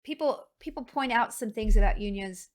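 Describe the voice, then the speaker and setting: A woman's voice: fairly high pitch, normal speed. A woman game streamer chatting casually and rambling to her live chat.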